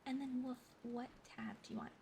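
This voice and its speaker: A young woman whispering softly on an ASMR livestream, chatting and giggling with viewers as she thanks them and tells a story. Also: high voice, wildly swooping pitch, fairly quick, a little hiss or hum. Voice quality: soft whispery voice. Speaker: streamer. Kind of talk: whispered ASMR stream chat.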